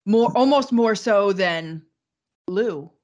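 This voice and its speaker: Slow-speaking woman interviewer. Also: mid-range voice, lively intonation, a little mellow. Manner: measured, reflective questioning. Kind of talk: interview questions.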